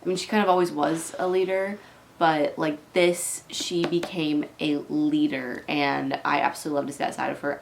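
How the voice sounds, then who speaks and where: A woman's voice: deep voice, creaky. Chatty young woman gushing about books. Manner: gushing, emotional, filler-heavy with many "like"s. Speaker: book vlogger. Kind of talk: casual reading vlog. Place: at home with her dog.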